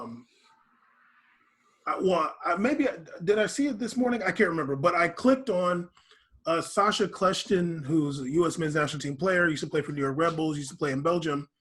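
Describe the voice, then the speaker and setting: A man's voice: fairly high pitch, moderate pace, a bit bright, husky. A man co-hosting a podcast, chatting casually and rambling with lots of fillers and restarts. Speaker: podcast co-host.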